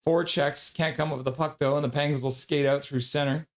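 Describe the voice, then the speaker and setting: Male streamer, fairly high voice, live hockey play-by-play with chat reading. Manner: rapid play-by-play, bursts into loud excited voices when reading chat.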